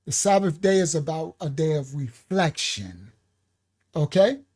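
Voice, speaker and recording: A woman from New York preaching a spiritual teaching, laughing often, calling out to listeners by name and slowing down to stress key words. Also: sits low, sing-song, darkish tone, husky. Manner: slows down to stress single words. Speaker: minister. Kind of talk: livestreamed sermon teaching.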